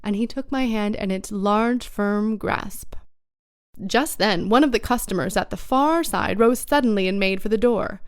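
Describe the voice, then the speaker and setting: A woman reads an audiobook in a measured, even storytelling style. Her voice is mid-range, and the studio-quality recording has no room sound.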